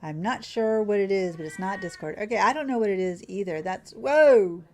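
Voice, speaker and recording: A woman's voice: medium pitch, darkish tone, slight background noise. Chatty woman narrating gameplay. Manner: chatty and exclamatory, quick laughs. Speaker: gaming channel host. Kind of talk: casual gameplay commentary.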